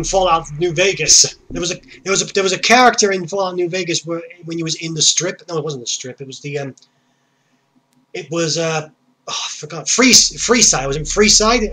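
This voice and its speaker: A man's voice: a little high, pushed and bright. A young man chatting casually and rambling as he plays a game. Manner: chatty, rambling, self-interrupting. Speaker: gamer. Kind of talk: casual gameplay commentary.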